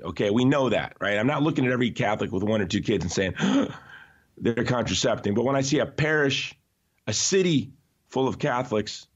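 A man talking as a podcast guest in an emphatic, animated way, often restarting his sentences. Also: medium pitch. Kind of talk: conversational podcast interview. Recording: slightly dull, lo-fi audio.

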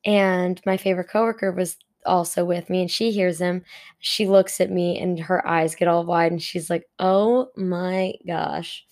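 A woman's voice: fairly low pitch, a little mellow. A young woman in casual storytime chat about a shift at her retail job, talking with lots of "like" and stifled giggles. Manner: chatty, giggly, full of "like" fillers. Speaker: retail worker telling a story.

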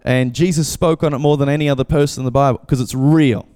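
A man preaching a casual, animated sermon as pastor, acting out voices when he tells a story. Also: mid-range voice, quick pace, in a large hall. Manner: animated, acts out voices in anecdotes. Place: church.

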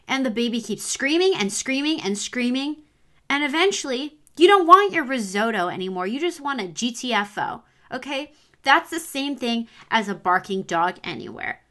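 A woman's voice: on the high side, bright, forceful tone. A woman delivering a comic monologue rant, sarcastic and emphatic in an exasperated way. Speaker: comedic ranter.

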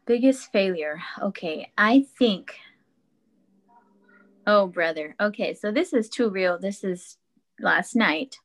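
A woman in her thirties speaks with an earnest, reflective warmth, telling a personal story in an easy conversational way. She restarts and repeats words often as she gathers her thoughts, and her pitch sits in an ordinary middle range. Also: expressive, takes it slowly, long pauses. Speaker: podcast guest.

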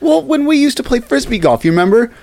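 Man chiming in with lively jokey asides. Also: very high-pitched, fast talker, gravelly, no room sound. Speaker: podcast co-host. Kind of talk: casual chat.

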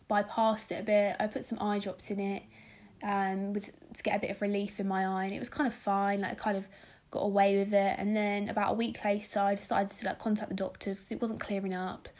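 A woman's voice: mid-range voice, steady tone, moderate pace, darkish tone. A young woman with a British accent, telling her own story in a casual, rambling monologue with asides that drop nearly to a whisper. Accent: British English. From Britain. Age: young adult.

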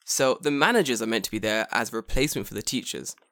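A man's voice: medium pitch, quick pace, no room sound. Podcast co-host, young man, casual and swearing, dry studio voice. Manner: profane, animated storytelling with acted quotes. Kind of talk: casual storytelling chat.

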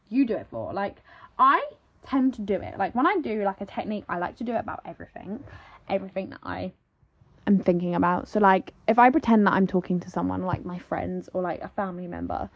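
A young woman, chatting casually in a vlog and saying "like" and "literally" all the time. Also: mid-range voice. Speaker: vlogger. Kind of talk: casual chat. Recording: slightly dull lo-fi audio.

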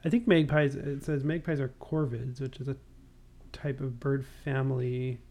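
A man's voice: medium pitch, flat delivery, normal speed. A man chatting casually and encouragingly with his young child on a podcast, reading out jokes. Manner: gentle, encouraging, reads out jokes. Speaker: podcast co-host and parent.

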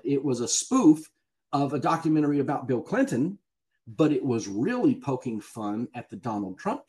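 A man's voice: medium pitch, a little mellow. A man with a Southern US accent, a guest actor telling stories in a casual podcast interview and laughing often. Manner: chatty storyteller, laughs often.

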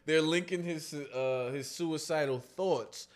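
A man's voice: a little high, slow. A man co-hosting a podcast in casual chat, laid-back and joking, often trailing off mid-thought. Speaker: podcast co-host.

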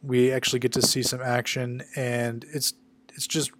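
A man giving a casual spoken recap of a comic book issue, quickly voicing the characters' lines as he goes. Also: medium pitch, level tone, a bit bright, no room sound. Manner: conversational, acts out characters' lines with quick quotes.

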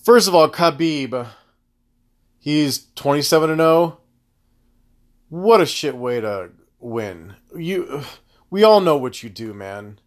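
A man hosting a casual solo podcast, rambling through tangents in a loose, profane, animated way. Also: on the high side, slow pace, pauses often. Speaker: podcast host.

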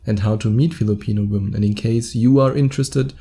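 A man's voice: on the low side, fairly even intonation, fast, dark tone. A man with a German accent hosting a solo podcast, chatty and laughing at his own slips. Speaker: podcast host.

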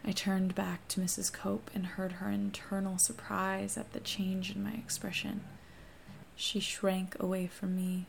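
A woman reading a first-person novel aloud in a hushed, steady narration that often drops to a whisper. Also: medium pitch, vocal fry, a little hiss or hum. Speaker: audiobook reader.

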